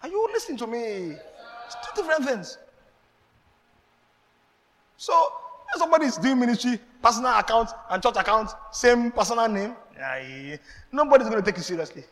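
A high-pitched man preaching a lively sermon, his voice bright and carrying. His pitch leaps up and down as he acts out conversations and laughs between points. The sound rings with the long reverb of a church hall. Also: brisk, pauses often. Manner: animated preaching with acted exchanges and laughter. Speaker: pastor.

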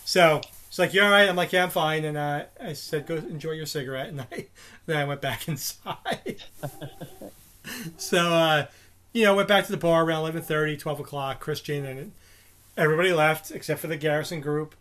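A man's voice: a little high, moderate pace, a bit bright. A man in his forties from New Jersey, co-hosting a podcast and telling a rambling story full of restarts and fillers. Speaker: podcast co-host. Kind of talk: casual storytelling chat.

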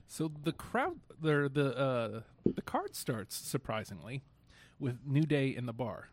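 A man from Chicago co-hosting a casual wrestling podcast, talking in an easygoing, steady way. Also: mid-range voice, a little slow. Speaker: podcast co-host.

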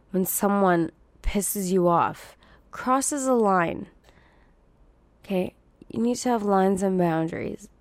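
A woman hosting a casual monologue podcast, blunt and profane, venting with sarcasm in a husky morning voice. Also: medium pitch, dry recording. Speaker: podcast host.

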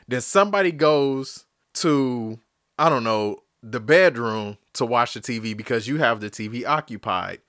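A man hosting a solo podcast, ranting angrily and profanely, swinging between shouting and muttering. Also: a little high, no room sound, clean studio sound. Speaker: podcast host.

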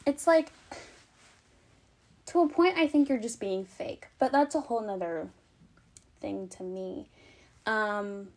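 A woman's voice: mid-range voice, takes it slowly, long pauses. A young adult woman vlogging casual advice, chatty and frank, out of breath. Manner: chatty, frank, filler-heavy.

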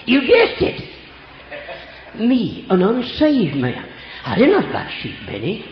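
A man's voice: high-pitched, huge pitch swings, slow. An older man preaching a folksy storytelling sermon, from Oklahoma, with homespun rural grammar. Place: church. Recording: echoey church room, dull lo-fi sound.

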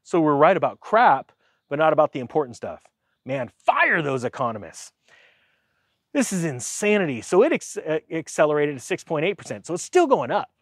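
A man's voice: a little high, big pitch swings, normal speed, no echo, clean studio sound. A man giving a casual, sarcastic rant about the economy, mocking others in silly voices. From United States. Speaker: finance commentator.

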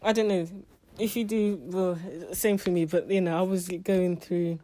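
A woman's voice: on the low side, level tone, unhurried, mellow. A woman giving a casual spoken book review, chatty and emotional, often restarting her sentences.

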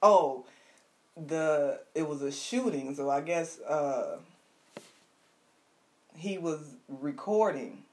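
Animated teasing woman co-host. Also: low-pitched, slow pace, long pauses. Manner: animated, teasing, laughs loudly. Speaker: podcast co-host. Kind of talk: casual chat, gossip and news recap.

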